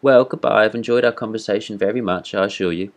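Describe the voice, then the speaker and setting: A man's voice: on the low side, quick pace, close to an everyday voice. A man reading a storybook voicing a talkative, self-satisfied male frog who boasts cheerfully. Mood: chatty.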